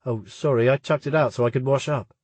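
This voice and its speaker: A man's voice: medium pitch, fairly even intonation, brisk, darkish tone, no room sound, close to an everyday voice. A man voicing a mild, tidy young male student who speaks in a matter-of-fact way.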